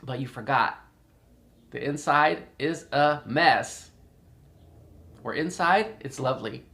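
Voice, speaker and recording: A man's voice: medium pitch, takes it slowly, vocal fry, pushed and bright. A man talking casually and rambling at home, repeating himself and laughing often. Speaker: podcast host. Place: indoors in a house.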